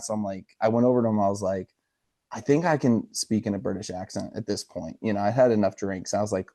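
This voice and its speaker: A man's voice: on the low side, mellow, dry recording, studio quality. A man in his thirties co-hosting a podcast, telling rambling anecdotes in an easygoing way. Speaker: podcast co-host. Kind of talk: casual chat.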